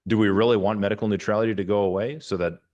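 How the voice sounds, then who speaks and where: A man's voice: fairly low pitch, fairly even intonation, racing, a little mellow, lo-fi sound. A man in his forties, a surgeon giving an informal university talk, rambling with many restarts and fillers and making candid, wry asides. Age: 40s.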